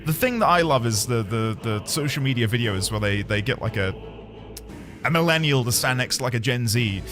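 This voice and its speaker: A man's voice: mid-range voice, expressive, brisk. A man streaming a video game, chatting casually with viewers in a rambling, jokey way. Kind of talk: casual gaming commentary. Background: game music.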